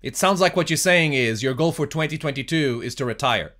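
A man's voice: on the high side, a little fast, fairly bright tone. A man hosting a casual podcast chat, asking teasing, playful questions of his guest. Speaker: podcast host and wrestling trainer.

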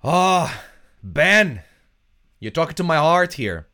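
A man's voice: a little high, very animated, slow pace, pushed and bright. A man hosting his podcast in casual chat, rambling and searching for words as he answers listener questions. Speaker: podcast host.

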